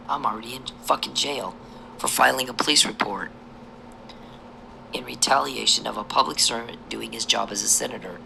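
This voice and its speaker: Gravelly, sharp-voiced woman ranting angrily. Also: very deep voice, moderate pace, slight background noise, low-quality recording. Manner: profane, accusatory ranting that drops to a hushed whisper. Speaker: vlogger. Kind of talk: angry monologue to camera.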